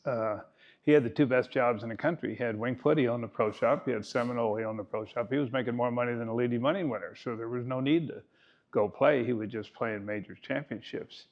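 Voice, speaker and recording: A man's voice: medium pitch, fast talker, dull audio. A man in his eighties giving a keynote talk as a golf coach, telling stories with folksy, self-mocking humor. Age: 80s.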